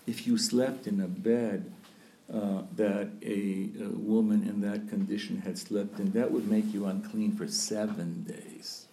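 A man preaching in a slow, unhurried way, his voice low and gravelly. He talks like a priest reflecting aloud before his congregation, often stopping with small fillers as he gathers his thoughts. The tone is dark and mellow. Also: flat delivery. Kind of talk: sermon.

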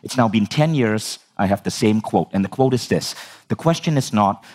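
Lively storytelling man, fairly low voice. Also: moderate pace. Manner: animated, humorous, swears casually. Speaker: speaker telling his life story. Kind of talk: storytelling talk.

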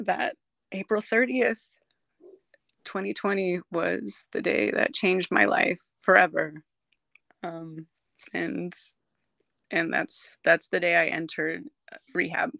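A gravelly, bright-edged voice recounting a hard personal story in an interview, earnest and emotional. It stops and restarts often, filling gaps with ums. The sound is close and dry, with no room around it. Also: medium pitch, no room sound. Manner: halting, with frequent ums and restarts. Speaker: guest sharing a recovery story.

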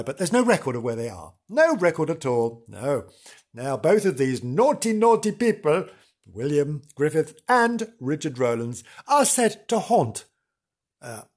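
Man, husky voice, lively sing-song delivery, camp and theatrical, spooky comic storytelling. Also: mid-range voice. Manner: theatrical and camp, with gasps and playful asides. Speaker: radio-style presenter.

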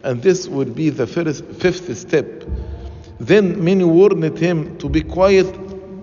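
Slow, deliberate preacher man. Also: on the high side, warm tone. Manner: deliberate, emphatic, repeats key phrases. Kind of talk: sermon. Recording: dull lo-fi sound with long church reverb.

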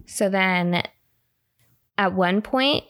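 A woman's voice: mid-range voice, very slow. A woman co-hosting a casual podcast, telling a spooky story and acting out the quotes with feeling. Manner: animated, acts out quotes. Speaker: podcast co-host.

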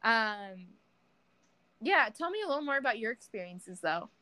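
A young woman with a fairly high voice chats casually on a podcast, recorded close and dry. She tells a story with animated delivery, leaping up in pitch whenever she acts out someone speaking. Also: moderate pace, no room sound, poor audio. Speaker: podcast co-host. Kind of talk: casual chat.

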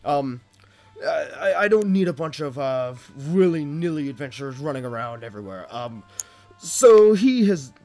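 A man's voice: fairly high pitch, very animated, normal speed, dark tone, soft background music. A man voicing a fussy male king who stammers politely through his orders.

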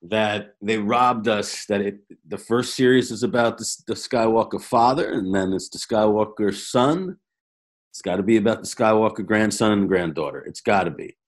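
Speaking with a fairly low voice at a moderate pace, a man shares stories as a podcast guest in a casual chat. He's animated and laughs frequently, often repeating words, stumbling and starting sentences over.

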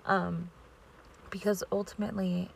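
A woman podcaster telling a rambling casual story, often slipping into breathy near-whispers. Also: medium pitch, flat delivery, unhurried, a little hiss or hum.

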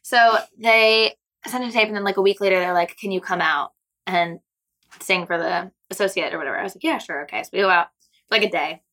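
Young woman guest, quick and bright, a rambling storyteller leaning on filler words. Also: medium pitch, fairly even intonation. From Seattle, United States. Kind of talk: casual storytelling chat.

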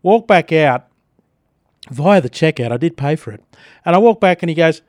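A man's voice: a little high, lively intonation, moderate pace, darkish tone, dry recording. A middle-aged Australian man hosting breakfast radio, telling chatty stories and reading news with frequent chuckles in a studio. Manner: chatty storyteller, chuckles often.

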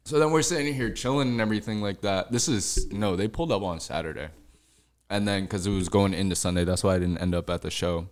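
Low voiced podcast guy, chill slangy storytelling, cusses a lot. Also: fast. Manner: laid-back slangy storytelling, swears often. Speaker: podcast co-host. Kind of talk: casual storytelling chat.

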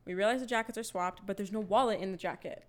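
A woman's voice: medium pitch, fast talker. A young woman telling a story in casual chat, swearing freely and acting out the quotes with energy. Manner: animated, profane storytelling with acted-out quotes.

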